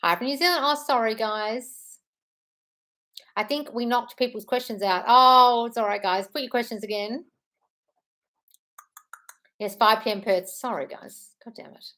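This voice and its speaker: A woman's voice: a little high, a little slow, pauses often, sharp tone. A woman hosting a casual live stream, chatting in a scattered, apologetic way while answering viewer comments.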